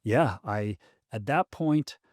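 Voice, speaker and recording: A man in his forties telling a personal story as a podcast guest, halting and restarting often with many ums. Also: medium pitch, animated, a little mellow, dry recording, clean studio sound. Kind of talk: casual storytelling conversation.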